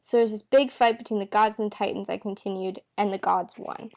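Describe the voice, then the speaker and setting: A woman's voice: medium pitch, steady tone, brisk. Woman casually reading a novel aloud. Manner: stumbles and corrects herself with asides; reads character lines in her own voice. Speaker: amateur reader.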